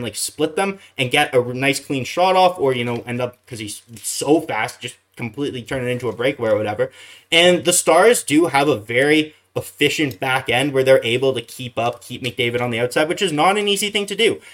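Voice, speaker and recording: A man's voice: on the high side, a bit bright. A man ranting casually after a hockey game, exasperated, with many fillers and restarts. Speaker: hockey streamer. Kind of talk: casual post-game rant.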